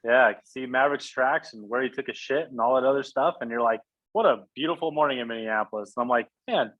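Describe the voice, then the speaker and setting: A male podcast host trades casual banter and pokes fun at his guests. His voice sits at an ordinary middle pitch. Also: quick pace, a bit bright, dull audio. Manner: teasing, joking with the guests.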